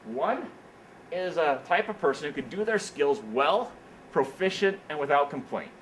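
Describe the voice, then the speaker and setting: A stern, decisive company head with a brisk, commanding delivery, as a man telling a story puts him on. His voice sits a little higher than most men's. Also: lively intonation, a little hiss or hum, natural voice, rough recording.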